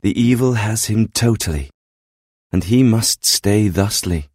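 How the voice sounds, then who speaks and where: A man voicing an ethereal goddess mother who speaks calmly in formal, admonishing sentences. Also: fairly low pitch, a little slow, husky, dry recording, studio quality, voice pushed up. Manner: calm, admonishing, formal speech. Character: ethereal female goddess mother, stern and wise.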